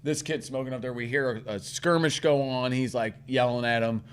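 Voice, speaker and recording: A man's voice: mid-range voice, fairly even intonation, fairly quick, smooth. Profane St. man telling a story. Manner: profane, rambling anecdote with acted-out quotes. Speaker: podcast co-host. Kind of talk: casual storytelling chat.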